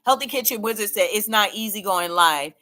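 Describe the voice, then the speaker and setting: Bright, upbeat woman livestream host. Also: mid-range voice, animated, fairly quick. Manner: encouraging, laughs often, repeats phrases. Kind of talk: casual livestream chat reading comments.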